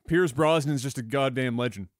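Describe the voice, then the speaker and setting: A man co-hosting a podcast, speaking at a middle pitch with loose, profane energy. His voice sits on a dry, close mic with no room sound. He swings from mumbled pauses to loud, animated bursts. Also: dry recording. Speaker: podcast co-host. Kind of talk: casual crude banter.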